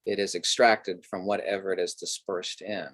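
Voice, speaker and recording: A man with a low voice holds forth as a podcast guest, wandering through ideas in long, lecturing runs full of fillers. His voice is recorded dry and close, with no room sound. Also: level tone, moderate pace, fairly bright tone, dry recording. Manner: discursive, lecturing, many fillers. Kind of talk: philosophical conversation.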